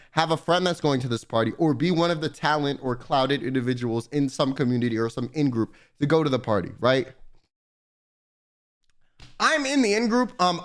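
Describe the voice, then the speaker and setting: A male streamer telling a story in casual chat, rambling, animated and full of profanity. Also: on the high side.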